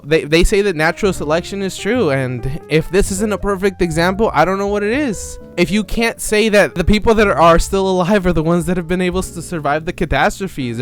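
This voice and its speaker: A man delivering a sarcastic, rambling comedic monologue that keeps interrupting itself. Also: fairly high pitch. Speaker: commentary creator.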